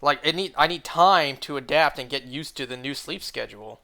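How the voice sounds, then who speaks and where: While hunting for a shiny on stream, this man talks to his audience in a loose, wandering way, with "like" turning up again and again. The voice is a little high, brisk and creaky, with a bright, forceful tone.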